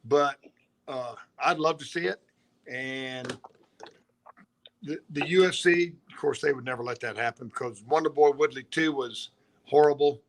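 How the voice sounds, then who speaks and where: A man's voice: medium pitch, normal speed, a little hiss or hum. A man who coaches, chatting casually on a stream in an easygoing, rambling way. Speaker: coach and co-host.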